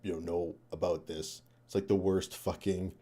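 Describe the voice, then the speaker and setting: Young male streamer, low mellow voice, rambling and profane casual chat. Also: little pitch movement, normal speed. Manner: rambling, swears a lot, laughs often. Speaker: live streamer. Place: home room.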